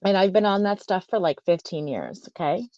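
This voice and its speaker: A woman in her late forties chatting casually with a friend, telling stories in an animated way and laughing often. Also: on the low side, moderate pace, no echo, highs cut off. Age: 40s. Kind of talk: casual chat.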